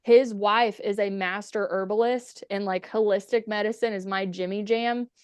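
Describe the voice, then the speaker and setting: Smooth-voiced woman telling stories. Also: medium pitch, fairly even intonation, normal speed, dry recording. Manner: chatty, profane, acts out quotes. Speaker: podcast guest. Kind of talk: casual storytelling.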